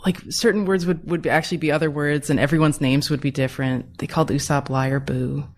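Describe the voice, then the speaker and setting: A woman, the show's creator, chatting in an animated, rambling way and laughing often as an interview guest. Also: low-pitched, fast talker. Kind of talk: casual chat.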